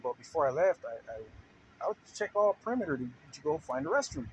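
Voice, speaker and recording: A man telling the story of an incident in a loose, animated way, heavy on "bro" and "I was like," outdoors by a bus stop. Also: a little high, rapid-fire, poor audio. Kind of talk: casual storytelling. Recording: loud street noise around.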